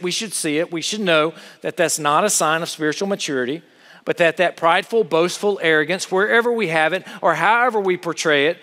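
Male pastor, earnest sermon delivery, rhetorical questions, high voice. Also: sharp tone, in a large hall.

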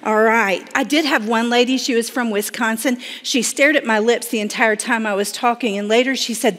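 Speaking at church, a Southern-accented woman from Florida who directs a pregnancy center addresses listeners directly in a folksy manner, saying "y'all" often. Her fairly bright, slightly high voice moves at normal speed with few pauses, trailed by long reverb.

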